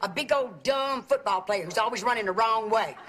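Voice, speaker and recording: An actress playing a gossipy, nonstop-talking middle-aged aunt, in a sitcom. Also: female voice, fairly high pitch, normal speed, lightly acted. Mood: chatty. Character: gabby meddling Southern aunt, middle-aged woman. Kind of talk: sitcom acting. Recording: noisy TV broadcast audio.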